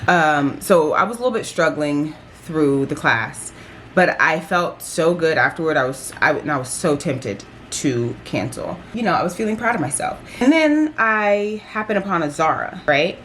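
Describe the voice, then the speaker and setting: A young woman vlogging, telling a story in a chatty, animated way with lots of fillers. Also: low voice, moderate pace, slight background noise. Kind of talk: casual storytelling vlog.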